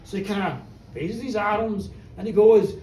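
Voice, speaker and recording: A woman tells an old folk tale to a live audience, swinging between booming bursts and hushed, drawn-out lines. She is picked up from across a roomy space, with a faint hiss underneath. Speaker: storyteller. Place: pub function room with a live audience. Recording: roomy live pub recording from far off.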